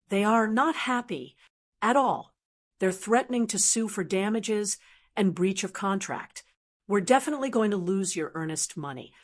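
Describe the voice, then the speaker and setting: A woman voicing an exhausted middle-aged male realtor leaving a weary, halting voicemail in a storybook reading. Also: mid-range voice.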